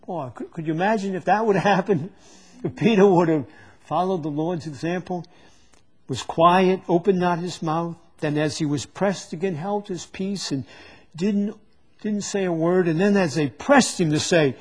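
A man with a husky, slightly raised voice preaches a sermon to a live congregation. He teaches from scripture in a halting way, stumbling and repeating words as he gathers his thoughts. His delivery stays plain and conversational. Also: fairly high pitch. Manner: halting, often repeats words while searching for them.

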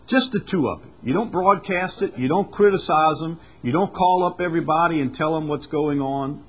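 A man's voice: on the high side, normal speed, fairly bright tone. A male pastor preaching a sermon, earnest, repeating words as he explains scripture. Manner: earnest, repeats words, acts out quoted apologies.

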